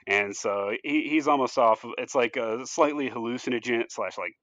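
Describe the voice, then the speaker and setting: A man casually pitching a movie story on a podcast, rambling loosely with lots of "like" and "you know" and frequent restarts. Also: normal speed, fairly bright tone, no room sound, lo-fi sound. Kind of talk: casual chat.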